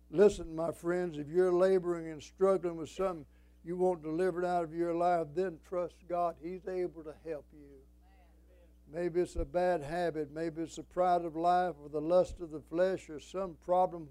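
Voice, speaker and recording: Older pastor guy preaching, high-pitched, folksy and emphatic, quotes scripture. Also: steady tone, normal speed, mellow, no room sound, poor audio. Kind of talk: sermon.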